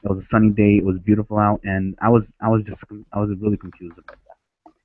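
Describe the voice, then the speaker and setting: A man's voice: fairly low pitch, little pitch movement, fast, dry recording. A man from Ecuador calling in on a headset, telling a childhood story in a rambling way with many restarts. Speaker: caller. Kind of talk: phone-in storytelling. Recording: dry, tinny phone-like line.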